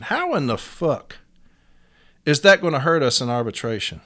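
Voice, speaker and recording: A man on his own podcast, ranting hard and cursing freely as he hammers his points home. His voice is bright and forceful, and it sits a little higher than most men's. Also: very animated, normal speed, long pauses. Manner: profane, heated, emphatic. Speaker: podcast host. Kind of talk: angry union rant.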